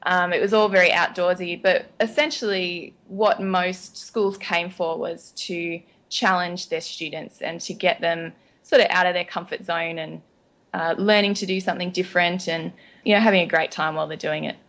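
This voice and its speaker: An Australian woman in a relaxed interview, chatting freely and filling pauses with ums. Her voice sits a little low for a woman. She restarts sentences often as she tells her story. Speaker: guest. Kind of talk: casual interview chat.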